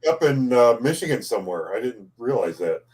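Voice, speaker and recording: A man's voice: mid-range voice, very animated, brisk, a little mellow. A man chatting casually on a live stream, telling a story in a plain matter-of-fact way.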